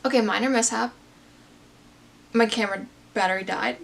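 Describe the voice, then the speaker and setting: A woman's voice: on the high side, steady tone, normal speed, creaky. A woman in her twenties talking casually to camera as a book vlogger, chatty and self-deprecating with rambling asides. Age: 20s. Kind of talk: casual chat.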